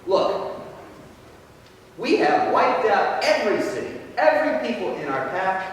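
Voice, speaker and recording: A man's voice: sits high, sing-song, unhurried, a little hiss or hum. A man voicing a menacing male envoy of an invading king, delivering a blunt ultimatum, in an echoey church hall from far off. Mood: threatening.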